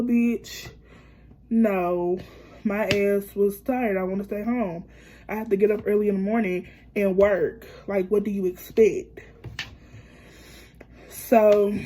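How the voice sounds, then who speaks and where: A woman's voice: mid-range voice, mellow, a little hiss or hum. A young woman, angrily retelling a personal story in a casual vlog, swearing freely and acting out both sides of an argument. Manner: heated, profane retelling with quoted back-and-forth.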